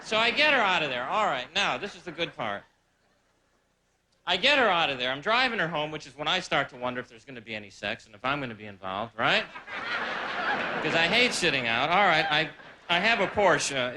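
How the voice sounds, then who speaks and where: A man's voice: on the high side, big pitch swings, a little fast. A man doing a rambling, self-deprecating stand-up comedy set on a live stage, full of asides. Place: live stage before a laughing audience. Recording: noisy live recording.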